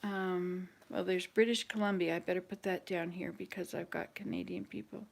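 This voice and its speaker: A woman's voice: lowish voice, steady tone, normal speed, creaky. A woman hosting a casual chat with online viewers, thinking aloud and hesitating as she searches her memory. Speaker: channel host.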